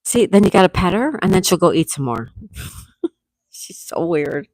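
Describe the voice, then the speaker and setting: A woman's voice: lowish voice, sing-song, normal speed, dry recording. Chatty woman greeting her viewers. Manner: chatty, greets viewers by name, scolds her dog gently. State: clearing throat, sore throat coming on. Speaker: livestream host. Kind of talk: casual chat with live viewers.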